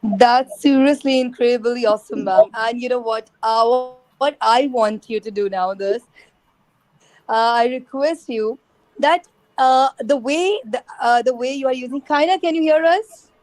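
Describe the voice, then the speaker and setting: High-voiced woman hosting an online class. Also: measured pace, a little mellow, no room sound, poor audio. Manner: polite, formal requests with restarts. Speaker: class host.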